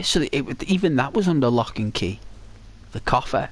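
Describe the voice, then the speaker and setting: A man's voice: on the high side, sing-song, a little fast, no room sound. Rambling man chatting while gaming. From Britain. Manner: rambling, chatty, many restarts and fillers. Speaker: gaming streamer. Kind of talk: casual chat to viewers while playing.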